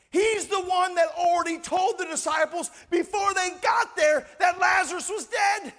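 A man preaching a sermon as pastor, impassioned, moving between shouted lines and hushed, quiet passages. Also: extremely high pitch, moderate pace, hardly any pauses.

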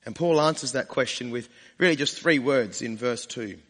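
A man's voice: medium pitch, normal speed, fairly bright tone, long reverb tail. A male pastor preaching a sermon in church, speaking conversationally and asking the congregation rhetorical questions.

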